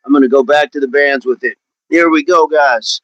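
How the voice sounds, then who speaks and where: A man's voice: on the high side, normal speed, a bit bright, no room sound, highs cut off. A man hosting a live workout stream, chatting upbeat with viewers and counting reps aloud. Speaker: fitness coach hosting a livestream.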